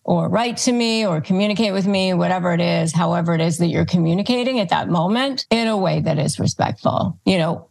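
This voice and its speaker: A woman with a lower voice and a gravelly, fry-tinged texture, talking through advice point by point. She speaks in a steady, methodical way and models calm phrases aloud as she goes. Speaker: podcast host giving advice. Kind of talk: instructional monologue.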